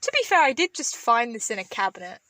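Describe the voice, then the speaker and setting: A young woman co-hosting a podcast, trading dry, deadpan quips in casual chat. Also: on the high side, fast, no echo. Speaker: podcast co-host.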